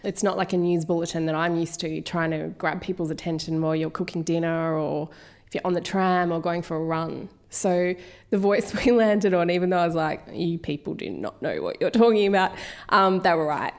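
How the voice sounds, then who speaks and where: A woman, a podcast creator, telling a room full of people a casual story about making her show. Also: on the low side. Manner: chatty and animated, quoting colleagues in quick asides. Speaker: podcast creator and presenter speaking at a talk. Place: room with a live audience.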